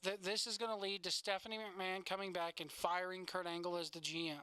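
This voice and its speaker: A man's voice: high-pitched, level tone, a little fast, pushed and bright, smooth, dry recording. A man co-hosting a casual podcast, ranting bluntly with plenty of swearing. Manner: blunt, profane, opinionated rants. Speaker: podcast co-host. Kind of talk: casual wrestling chat.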